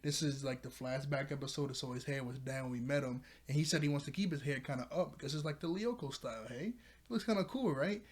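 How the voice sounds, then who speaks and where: A man talking through a show recap in a loose, rambling way. His voice sits at an ordinary middle pitch. He keeps breaking into laughter and filling gaps with "you know" and "like". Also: quick pace. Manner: rambling, laughs often, paraphrases characters loosely. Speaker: show reviewer. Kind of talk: casual episode recap.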